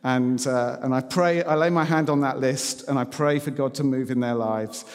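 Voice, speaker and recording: Preacher, mid-pitched man, wry storytelling, hall reverb. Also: fairly even intonation, normal speed. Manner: conversational anecdotes with self-deprecating humour. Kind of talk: sermon storytelling.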